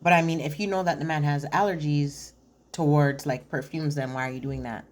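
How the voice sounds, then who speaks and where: A woman's voice: sits low, fairly even intonation, fairly quick. A young woman recapping a reality show episode in casual commentary, chatty and full of fillers, acting out what the cast says. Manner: chatty, filler-heavy retelling with acted-out quotes.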